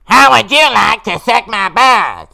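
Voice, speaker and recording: A man's voice: sits high, animated, unhurried, gravelly, sharp tone, voice pushed up, heavily acted. A man voicing a bratty, foul-mouthed cartoon boy with a taunting, crude manner.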